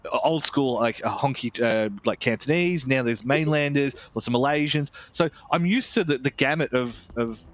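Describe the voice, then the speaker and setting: A man's voice: mid-range voice, normal speed, few pauses. A man with an Australian accent reviewing a video game in casual chat, rambling and candid, swearing freely.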